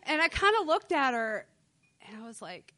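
Bright, animated woman telling a story. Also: sits high, normal speed. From United States. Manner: animated, swearing, laughing storyteller. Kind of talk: personal storytelling.

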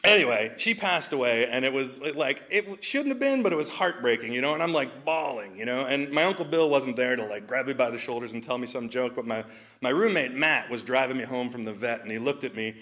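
A young male stand-up talks fairly quickly in a medium-pitched, sharp-toned voice. He entertains an audience with personal anecdotes and jokes, laughing often and using plenty of fillers.

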